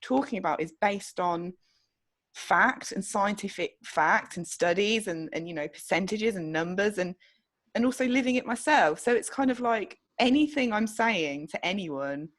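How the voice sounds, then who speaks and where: A woman's voice: mid-range voice, lively intonation, normal speed. A woman co-hosting a podcast in casual chat, blunt and outspoken, swearing freely. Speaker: podcast co-host.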